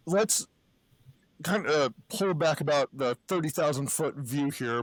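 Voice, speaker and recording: A man's voice: on the high side, no echo. A man hosting a podcast interview, asking questions casually with slang and easy laughter. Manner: relaxed, slangy, laughs easily. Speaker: podcast host.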